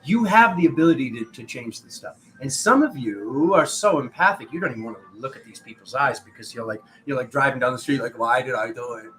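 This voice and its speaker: A man's voice: medium pitch, lively intonation, quick pace, few pauses, fairly bright tone, slight background noise, poor audio. A young man giving a spiritual tarot reading, rambling and acting out the voices of people in his stories. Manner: rambling, acts out quoted voices. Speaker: tarot reader.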